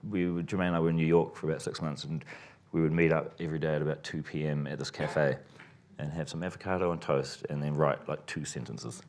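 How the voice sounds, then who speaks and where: A man answering interview questions as a filmmaker, relaxed and rambling, often restarting his sentences. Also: extremely low pitch, fast talker, a little hiss or hum. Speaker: filmmaker guest.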